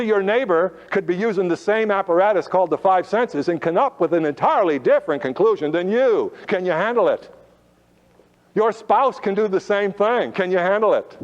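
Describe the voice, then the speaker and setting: A man giving a motivational talk to a live audience, firing rhetorical questions and drawing out his key phrases. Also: high voice. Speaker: motivational speaker. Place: auditorium. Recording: lo-fi recording with long hall reverb.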